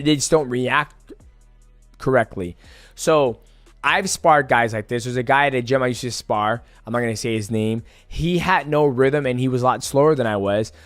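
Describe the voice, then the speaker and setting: A man's voice: mid-range voice, dry recording. A man in his thirties giving a casual, profane fight breakdown and acting out the moves as he explains. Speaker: fight analyst.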